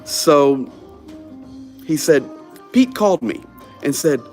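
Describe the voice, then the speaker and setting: A man's voice: on the high side, takes it slowly, faint music behind. A man telling a story in casual conversation, acting out the people he quotes. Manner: animated, acts out quoted voices.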